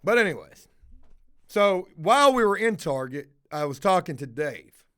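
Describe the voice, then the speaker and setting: A man with a high-pitched voice chats loosely on a livestream and reacts to viewers' comments. He rambles from one gripe to the next and swears freely, with a blunt, unfiltered delivery. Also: big pitch swings, normal speed, fairly bright tone. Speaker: livestream host reading chat. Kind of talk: casual livestream chat.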